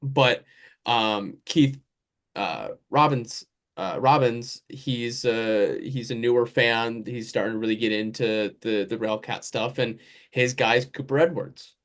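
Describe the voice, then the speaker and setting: A podcast host leads a casual sports show in a mid-range, steady voice at a measured pace. His talk is loose and rambling, drifting through lists and asides.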